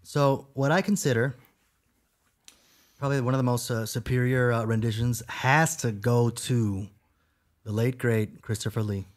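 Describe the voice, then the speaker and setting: A man's voice: mid-range voice, steady tone, unhurried. Young guy co-hosting a podcast, rambly, lots of uh and you know, medium voice. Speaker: podcast co-host. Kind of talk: casual podcast chat.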